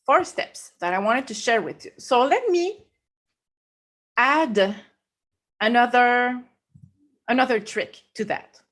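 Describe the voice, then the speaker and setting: A woman's voice: a little high, animated, a bit bright. A woman with a French accent walking viewers through a photo edit step by step, laughing easily. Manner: slow, explanatory, laughs easily. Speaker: guest photographer. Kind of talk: live photo-editing demo.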